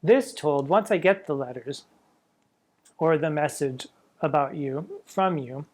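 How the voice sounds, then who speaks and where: A man's voice: on the high side, measured pace, a little mellow. A man, a drag performer, giving casual spoken commentary on poetry in a musing way, reading verse lines aloud with relish and adding wry, self-mocking asides.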